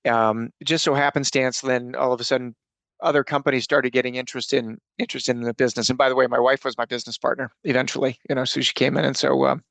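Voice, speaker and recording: A man's voice: mid-range voice, little pitch movement, fast, vocal fry, a bit bright, no room sound. A middle-aged man telling personal stories as a podcast guest, earnest and rambling with frequent restarts. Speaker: podcast guest, coach and speaker. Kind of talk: casual interview storytelling.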